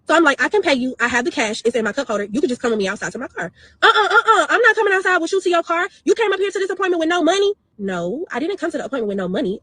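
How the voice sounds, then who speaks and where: Husky, rapid-fire young woman telling a story. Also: sits high, fairly bright tone, no room sound. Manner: fast, indignant retelling. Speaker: customer telling her story. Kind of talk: storytime video.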